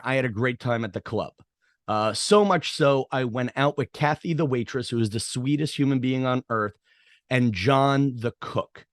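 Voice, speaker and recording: A middle-aged man hosting a podcast, his voice at an ordinary pitch for a man. He talks in a rambling, stop-start way, full of fillers. The recording is dry and close, with no room sound. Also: no room sound. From Irish heritage, New York area. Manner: rambling storyteller, many restarts and fillers. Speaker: podcast host. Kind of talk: casual podcast interview.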